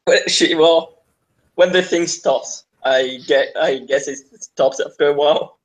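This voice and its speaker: A man's voice: a little high, poor audio. A man playing a tabletop game, describing his character's actions with many halts and restarts. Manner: halting, many likes and restarts. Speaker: player. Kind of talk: casual tabletop game talk.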